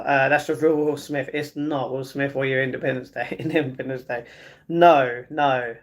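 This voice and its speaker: A man's voice: medium pitch, fairly bright tone. A man hosting a casual livestream, reading viewer comments aloud and answering them in an easygoing way, often stumbling and restarting his sentences. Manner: chatty and easygoing, with halting restarts. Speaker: livestream host.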